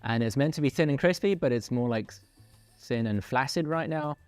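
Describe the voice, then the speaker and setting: A man hosting a casual food review, playful and animated as he describes each dish. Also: mid-range voice, moderate pace, clean tone, no echo, faint music behind. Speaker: food show host.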